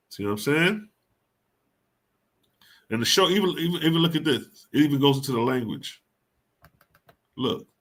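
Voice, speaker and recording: A man's voice: fairly high pitch, animated, normal speed, long pauses, fairly bright tone. A man reading passages of scripture aloud and then explaining them in casual, slangy, emphatic talk. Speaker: scripture teacher.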